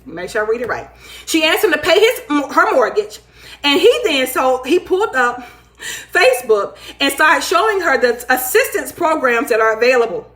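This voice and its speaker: A woman with a high voice hosts a casual livestream, chatting and reading comments out loud. She is lively and playful, teasing her viewers and laughing often. The sound is echoey, as if she is recording in a bare room. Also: moderate pace. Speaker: livestream talk show host.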